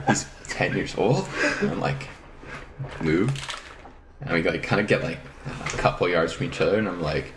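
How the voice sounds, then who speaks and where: Swearing storyteller in an echoey room. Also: male voice, low voice, moderate pace, pauses often. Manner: animated storyteller, swears freely, laughs through the punchline. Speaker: podcast guest. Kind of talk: casual storytelling chat. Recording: roomy with clear background noise.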